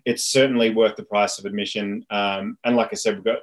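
A man's voice: fairly low pitch, flat delivery, brisk. A man being interviewed over a video call as an actor guest, friendly and joking. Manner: friendly, joking, laid-back. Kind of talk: casual interview chat.

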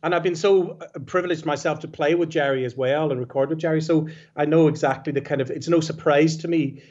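A man's voice: on the high side, steady tone, a little fast, darkish tone. A man with a Belfast accent, a musician calling in to a radio show, telling anecdotes in a chatty way with restarts. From West Belfast, Northern Ireland. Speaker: musician guest on the phone. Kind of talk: storytelling radio phone-in. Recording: muffled phone line.

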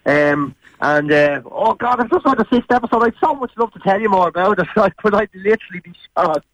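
A man with a Dublin accent, a guest in a casual radio interview, chatty and quick to laugh. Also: high-pitched, fairly bright tone, no echo, highs cut off. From Dublin, Ireland. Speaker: actor guest.

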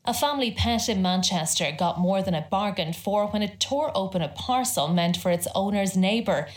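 A woman reading out quirky news stories for a comedy panel in a measured, neutral tone. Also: mid-range voice, expressive. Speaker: headline reader. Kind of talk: scripted news-style reading.

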